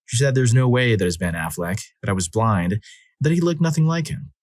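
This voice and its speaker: A man reading listener stories aloud as the narrator of a compilation, in an expressive, dramatic style that acts out the quotes. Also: medium pitch, fairly quick, no room sound. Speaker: story narrator. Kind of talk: scripted narration of reader stories.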